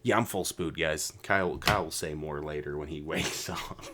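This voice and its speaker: Deep-voiced man ranting profanely. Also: normal speed, noisy background. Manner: profane, ranting, swings between loud outbursts and mutters. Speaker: podcast host. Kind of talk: casual podcast rant.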